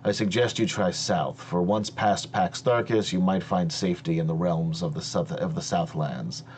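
A man's voice: sits low, steady tone, normal speed, darkish tone, a little hiss or hum, natural voice. A man voicing a proud, by-the-book male elf prince who speaks in a formal, solemn way.

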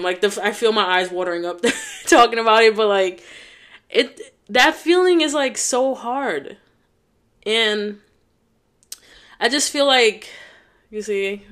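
A woman's voice: lowish voice, fairly bright tone. A young woman hosting a casual solo podcast, talking in a heartfelt, rambling way full of fillers. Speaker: podcast host.

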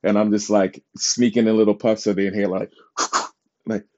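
A man hosting his own podcast, telling casual stories in an animated, self-described dramatic way and laughing often. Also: fairly low pitch, fairly quick. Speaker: podcast host. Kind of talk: casual storytelling monologue. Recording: dull lo-fi recording.

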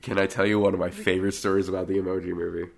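A man's voice: sits low, flat delivery, rapid-fire, gravelly, darkish tone. A man talking as a podcast guest in casual chat, sardonic and swearing freely.

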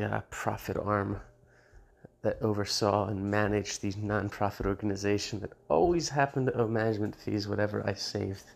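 A man's voice: fairly low pitch, creaky. A man hosting his own show in a casual unscripted monologue, blunt and profane, often laughing at his own jokes. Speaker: show host.

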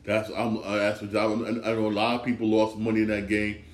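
A man's voice: on the low side, completely flat delivery, fairly quick, reverberant. A man hosting a casual solo sports talk show, emphatic and repetitive, circling back to the same points again and again. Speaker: sports podcast host.

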